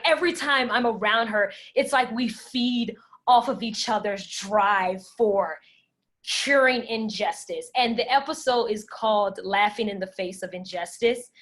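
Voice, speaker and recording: A woman podcast host answering audience questions in a relaxed, talkative way, speaking with passion and filling pauses with "like" and "um". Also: medium pitch. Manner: passionate, talkative, many "like" and "um" fillers. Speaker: podcast host leading a workshop Q&A. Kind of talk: casual conversational Q&A.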